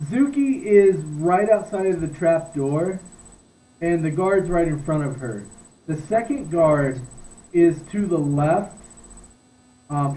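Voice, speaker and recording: A man running a tabletop game as dungeon master, describing the scene in an unhurried, matter-of-fact way. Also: a little high, mellow, recorded from a distance, poor audio.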